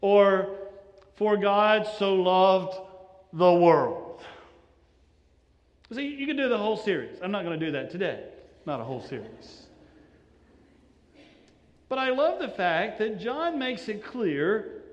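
A man's voice: sits high, big pitch swings, normal speed, long pauses, in a large hall, highs cut off. A male pastor giving a sermon, telling stories and acting out the voices of the people in them. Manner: storytelling, acts out quoted voices, shifting inflection.

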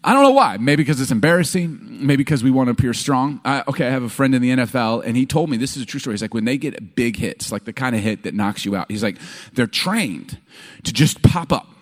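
A man preaching from a stage to a live audience, telling funny stories and acting out the voices of people in them. His pitch swoops widely as he jumps between characters. It is a casual, animated sermon. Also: quick pace. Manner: animated storytelling, acting out quotes. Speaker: pastor.

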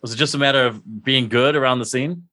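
A man's voice: medium pitch, quick pace, bright, forceful tone, no echo. A man hosting a casual interview, asking curious, easygoing questions. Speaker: podcast host.

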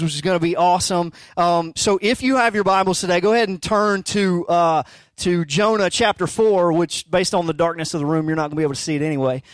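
A man in his thirties preaching a casual sermon as pastor, talking in halting restarts with joking asides. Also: high voice, no echo. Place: darkened church auditorium.

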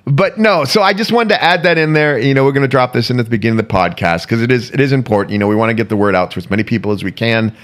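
A man's voice: medium pitch, very fast, few pauses, a bit bright. A man co-hosting a podcast in loose casual chat, rambling and repeating himself. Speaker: podcast co-host.

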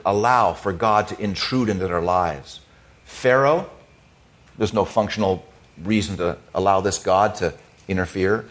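Low-voiced man preaching a sermon. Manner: retells scripture with dramatized quotes, some restarts.

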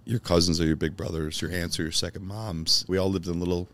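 Brief: low-voiced man from Chicago, podcast guest, emphatic and sincere storyteller. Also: fairly even intonation, fast, fairly bright tone. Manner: emphatic, heartfelt, swears casually. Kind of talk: personal storytelling in conversation.

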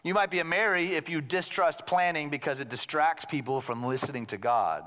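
A man's voice: on the high side, a little fast, sharp tone. A male pastor preaching a sermon in a conversational way, with joking asides to the congregation. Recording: long hall reverb.

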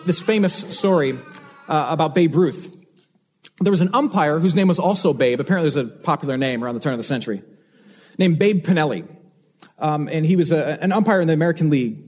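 Guy pastor giving a sermon, kinda high voice, a bit husky, earnest and emphatic. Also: darkish tone. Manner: earnest, emphatic preaching with repeated phrases.

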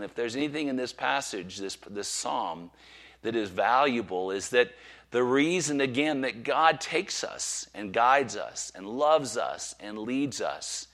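A man preaching a sermon to his congregation, slowing down to recite scripture and inviting them to say it with him. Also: mid-range voice, lively intonation, fairly bright tone. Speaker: pastor.

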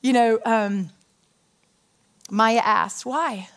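Woman, 30s, speaker on stage; lively storytelling sermon, slightly high voice. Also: moderate pace. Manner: animated, chatty, asks the audience questions. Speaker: women's ministry speaker. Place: stage before an audience.

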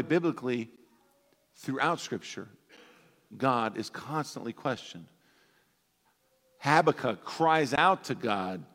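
Pastor guy preaching, kinda high bright voice, animated, hams up little character voices, long church reverb. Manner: animated, acts out voices of toddlers and parents for laughs. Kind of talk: sermon.

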